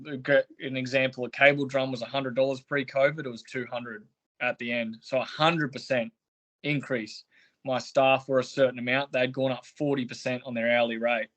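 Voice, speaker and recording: A man's voice: mid-range voice, fairly bright tone. Blunt swearing man. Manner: blunt, heavy swearing, aggrieved. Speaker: podcast guest. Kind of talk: candid interview storytelling.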